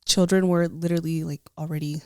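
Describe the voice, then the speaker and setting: A woman's voice: low-pitched, steady tone, a little fast, mellow, smooth, dry recording, clean studio sound. Chatty young woman telling a story. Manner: chatty, lots of likes, laughs as she tells a story. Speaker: podcast co-host. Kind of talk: casual chat, storytelling.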